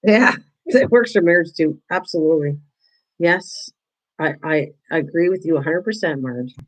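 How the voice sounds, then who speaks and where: An older woman with a low voice hosts a craft livestream, chatting casually with viewers at normal speed while she works. She answers viewers by name and often restarts her sentences, and the recording is low quality.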